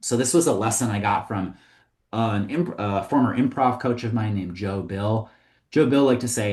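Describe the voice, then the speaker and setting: A man teaching comedy writing in a casual, conversational way, often pausing with "um" and "like". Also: on the low side, darkish tone. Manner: conversational, with frequent ums and likes. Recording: roomy echo.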